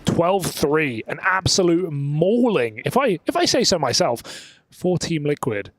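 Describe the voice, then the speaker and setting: A man's voice: a little high, sing-song, a little slow, a little hiss or hum. A man giving brash, hyped play-by-play commentary on an esports match over a headset mic. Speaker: esports caster.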